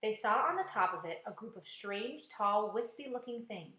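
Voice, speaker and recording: A woman, a teacher, reading a storybook aloud in an expressive, dramatic way with hushed quiet passages. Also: medium pitch, moderate pace. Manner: expressive, dramatic, drops to a hush for quiet scenes. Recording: echoey room.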